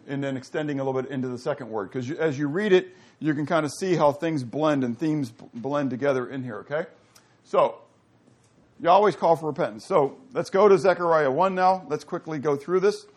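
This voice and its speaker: A man leads a Bible study class in a lively, questioning way. He keeps asking his listeners to answer and leans into loud emphasis on the words that matter. His voice sits a little high for a man. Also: brisk. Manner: animated, quizzes the audience, rising to loud emphasis. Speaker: Bible teacher.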